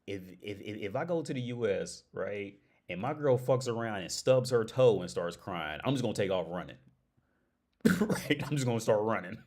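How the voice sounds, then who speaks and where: Young man, lowish voice, casual livestream chat, loud laughs, swearing. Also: animated, normal speed. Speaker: livestream host.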